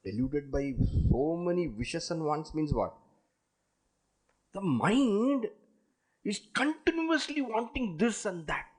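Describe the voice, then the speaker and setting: A man giving a dramatic, animated discourse on scripture as a spiritual teacher. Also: high voice, takes it slowly, long pauses.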